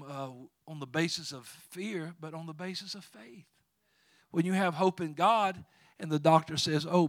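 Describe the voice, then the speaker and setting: A man's voice: fairly high pitch, fairly bright tone, dry recording, clean studio sound. A man preaching a sermon, quoting scripture with rising fervor and chuckling asides. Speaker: pastor.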